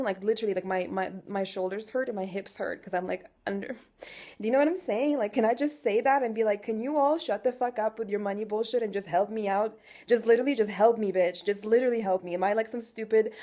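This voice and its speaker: Raw, profane young woman venting. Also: mid-range voice. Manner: raw, profane, keeps asking "do you know what I'm saying"; swings from quiet and weary to loud and exasperated. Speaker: vlogger. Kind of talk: emotional confessional rant.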